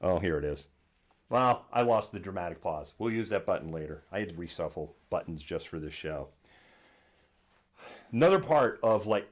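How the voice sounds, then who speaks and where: A man hosting a live political news stream from a home studio, talking in a sarcastic, animated way and often slipping into mocking imitations. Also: on the low side, moderate pace. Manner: sarcastic, acts out imagined voices.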